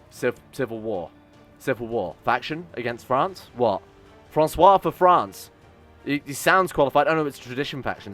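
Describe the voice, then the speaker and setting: Man, gameplay commentary, sarcastic, swears, middle pitch, faint background music. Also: a bit bright. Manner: sarcastic, swearing, reads event text aloud. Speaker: let's-play host. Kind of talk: strategy game commentary.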